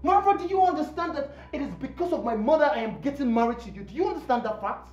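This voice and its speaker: An actor with a Nigerian accent playing an indignant young man who defends his mother, forceful and at times shouting. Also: extremely high pitch, expressive, quick pace. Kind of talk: film drama acting. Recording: distant, echoey, dull sound with music.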